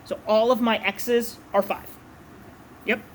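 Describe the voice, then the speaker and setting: A woman's voice: a little high, fairly even intonation, slow pace, a little hiss or hum. A woman teaching a math class, explaining graphing in a casual, chatty way to her students in a classroom. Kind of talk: classroom lecture.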